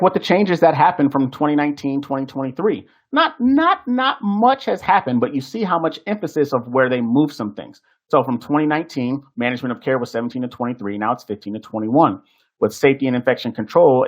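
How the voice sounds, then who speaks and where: A man teaching nursing exam prep in a casual, chatty presentation, full of fillers and restarts. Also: mid-range voice.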